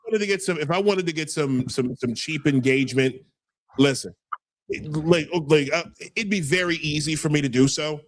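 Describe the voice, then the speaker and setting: New york man, livestream host, brash, stammering, fairly high voice, dry close mic. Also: moderate pace, no room sound. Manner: stammering, brash, reads chat aloud. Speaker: podcast host. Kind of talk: casual livestream chat.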